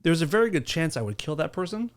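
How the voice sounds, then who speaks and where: A man co-hosting a podcast in casual chat, rambling and swearing freely with dark humor. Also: on the high side, big pitch swings, fast talker. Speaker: podcast co-host.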